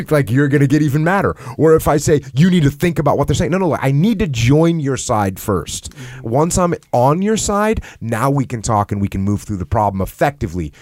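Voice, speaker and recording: A middle-aged man explains his point calmly and plainly, slipping into short acted-out exchanges to show what he means. His voice sits in a middle register, and the sound is dry and close with no room around it. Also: mid-range voice, no room sound. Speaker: podcast host. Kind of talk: casual conversation.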